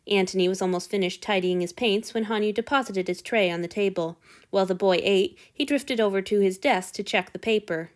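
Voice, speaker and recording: A woman reading fan fiction aloud with expressive storytelling narration. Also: mid-range voice, a little fast. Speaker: audiobook reader.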